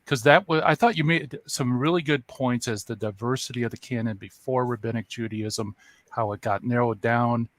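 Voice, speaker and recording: A man's voice: medium pitch, steady tone, normal speed, a bit bright. A man co-hosting a casual discussion, joking lightly and putting questions to a guest.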